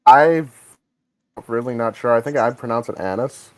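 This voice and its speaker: A man's voice: mid-range voice, moderate pace, no room sound, poor audio. A man co-hosting a podcast in casual chat, often hesitant and restarting his sentences. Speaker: podcast co-host.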